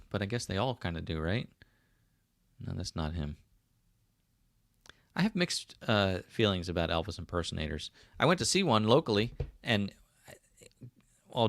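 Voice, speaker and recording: A man in his fifties with a South Jersey accent hosts a relaxed livestream, rambling through viewer comments with plenty of ums and restarts. His low voice has a gravelly edge, and it sounds dry and close to the mic. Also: dry recording. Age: 50s. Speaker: livestream host. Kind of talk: casual livestream chat reading comments.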